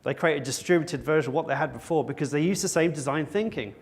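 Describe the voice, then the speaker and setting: This is a quick-paced man's voice that sits on the high side. He's delivering a conference talk to an audience on stage, with a wry tone and jokes that mock himself.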